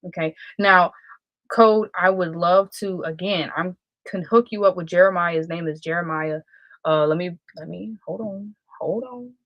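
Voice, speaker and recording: Female livestream host, casual and self-correcting, lowish voice. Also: moderate pace, dry recording, dull audio. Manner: rambling, self-correcting, chatty. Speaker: live stream host.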